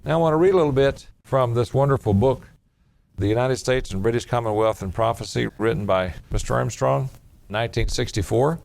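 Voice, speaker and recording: A man preaching a sermon, reading scripture verses aloud and explaining each one in a measured way. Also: medium pitch, vocal fry, darkish tone, no echo.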